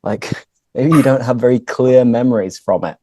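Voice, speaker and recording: Clear-spoken teacher, mellow. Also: male voice, medium pitch, normal speed, no echo. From northern England. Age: 30s. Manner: clear, patient, explains words and phrases. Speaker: English teacher and host. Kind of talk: casual conversation with explanations for learners. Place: home room, on a video call.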